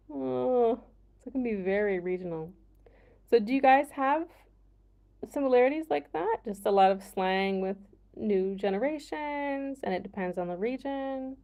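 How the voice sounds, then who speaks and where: A woman's voice: a little high, animated, unhurried, long pauses, warm tone. A young American woman from the Midwest with a Midwestern accent, chatting casually with viewers on a livestream, laughing often and saying "like" a lot. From United States, Midwest. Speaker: livestream host.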